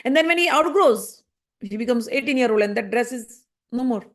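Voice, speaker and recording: Female teacher, high pitch, spoken commentary, repeats phrases and presses rhetorical questions. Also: lively intonation, a little fast. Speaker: scripture teacher. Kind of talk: spoken commentary on a spiritual text.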